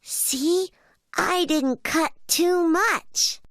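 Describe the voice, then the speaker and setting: A woman voicing an eager, proud little boy bear cub in a high, childlike cartoon voice. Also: drawn-out words, a bit bright, dry recording, clean studio sound, heavily acted. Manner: high, childlike and wide-eyed. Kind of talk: cartoon character voice.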